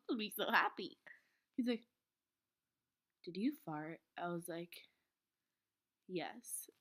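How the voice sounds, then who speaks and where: Teen girl vlogger, flustered and dramatic, mid-range voice, rambles and whispers. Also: mid-range voice. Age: teens. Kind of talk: casual storytelling vlog.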